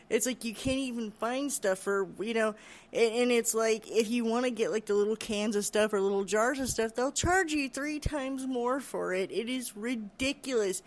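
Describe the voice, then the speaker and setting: A middle-aged vlogger ranting casually to camera, rambling and chatty, often breaking into laughter. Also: mid-range voice.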